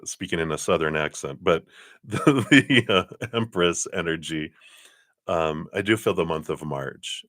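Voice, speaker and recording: Man reading tarot on a live stream, very low voice, dry close sound, chatty, laughs a lot. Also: a bit bright, dry recording. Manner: chatty, laughs often, acts out little quotes. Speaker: tarot card reader. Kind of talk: live-stream card reading, casual chat.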